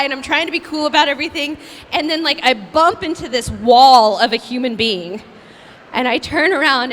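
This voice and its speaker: A young actress answers fans at a convention panel in a high, bright voice. She rattles through stories with a bubbly, self-mocking ease, full of "like" and quick asides. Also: in a large hall, slight background noise. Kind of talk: animated storytelling at a fan Q&A.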